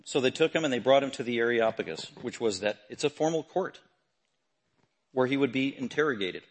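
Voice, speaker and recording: A man preaching a sermon, talking through a passage and building to loud, emphatic proclamations. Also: medium pitch, expressive, a little fast.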